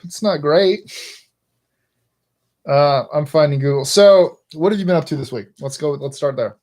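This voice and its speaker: A man's voice: fairly high pitch, normal speed, darkish tone. A man co-hosting a casual live stream, chatting with his partner and reading out viewer messages. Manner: chatty, reads out viewer super chats.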